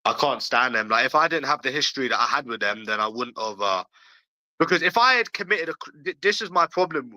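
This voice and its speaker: A man's voice: mid-range voice, expressive, fairly quick, bright, forceful tone, no echo, low-quality recording. A man ranting on a livestream, talking bluntly and profanely and repeating himself, while addressing viewers in chat. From London, England.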